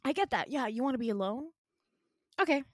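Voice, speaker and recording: A bubbly, oblivious young nurse who chatters on without taking a hint, as a woman acts her out in a dry, close recording. Her voice bounces up and down with chirpy brightness. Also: sits high, animated, brisk, dry recording, pitched above the performer's own voice. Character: ditzy, clingy female nurse, young adult. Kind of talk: acted-out dream retelling.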